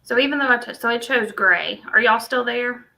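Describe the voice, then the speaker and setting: A woman's voice: fairly high pitch, moderate pace, gravelly, sharp tone, low-quality recording. A woman, co-hosting a casual crochet livestream and thinking aloud as she works on screen. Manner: chatty, thinks aloud while working on screen.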